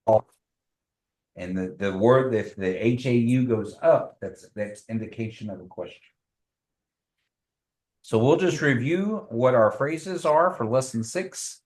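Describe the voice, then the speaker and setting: A man teaching a language class, speaking slowly and patiently, repeating phrases for the group. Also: medium pitch, expressive, darkish tone.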